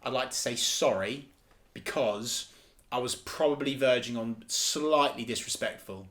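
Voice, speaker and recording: A man's voice: medium pitch, a little slow, a bit bright. A man co-hosting a football podcast, talking in an enthusiastic, emphatic way and often repeating himself. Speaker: podcast co-host. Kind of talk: casual football chat.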